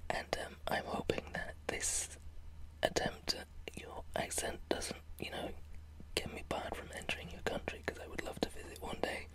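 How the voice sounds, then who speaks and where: A British woman chatting in a soft whisper for her ASMR vlog, friendly and apologetic. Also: moderate pace. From Britain. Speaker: ASMR channel host.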